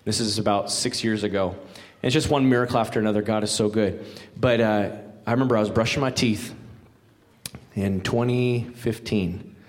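A man's voice: lowish voice, fairly even intonation, moderate pace. A male pastor giving a sermon in a folksy, conversational way with joking asides. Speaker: guest pastor. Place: church sanctuary.

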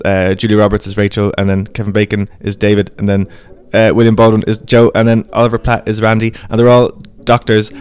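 A man's voice: lowish voice, darkish tone, smooth. A man co-hosting a casual podcast, rambling and correcting himself as he recaps a film. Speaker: podcast co-host.

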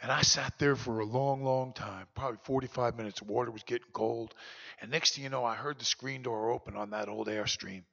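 A man's voice: mid-range voice, fairly even intonation, brisk, creaky, fairly bright tone. A man giving a personal, confessional recovery talk as keynote speaker at a conference luncheon. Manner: earnest, confessional storyteller. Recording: dull lo-fi recording, long hall reverb.

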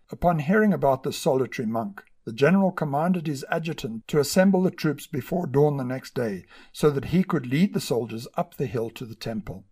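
Man narrating a measured talk on forgiveness. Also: mid-range voice, darkish tone, breathy edge. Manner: measured storytelling. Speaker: podcast host. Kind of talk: scripted narration.

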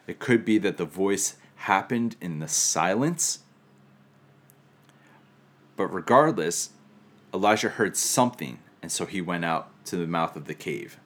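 Male preacher with a low voice, unhurried and reflective sermon delivery, a bit wry. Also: lively intonation, a bit bright. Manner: reflective, lightly humorous teaching. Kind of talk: sermon on scripture.

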